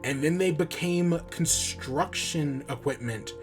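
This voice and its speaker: A man's voice: a little high, takes it slowly, soft background music. A man hosting a podcast in casual chat, rambling with restarts and casual swearing. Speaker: podcast host.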